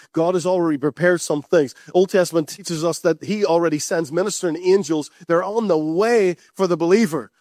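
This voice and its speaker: A man's voice: a little high, darkish tone, dry recording, studio quality. A man preaching a sermon in an emphatic, conversational way, repeating key phrases. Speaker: pastor.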